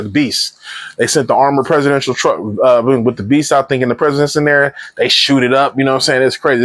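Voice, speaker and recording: A medium-pitched man rehashes a film's scenes in a chatty spoiler review that's animated, rambling, slangy, and full of restarts. The audio has no echo.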